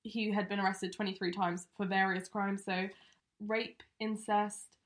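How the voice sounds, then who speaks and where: A woman's voice: mid-range voice, level tone, unhurried. Chatty woman hosting a true-crime podcast. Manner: chatty, many fillers like um and you know. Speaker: podcast co-host presenting the case.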